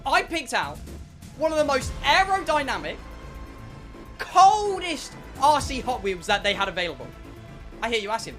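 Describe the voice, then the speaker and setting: A man's voice: very high-pitched, big pitch swings, moderate pace, pauses often, a bit bright. A man streaming, telling a comic story to his chat, swearing and exaggerating. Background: music.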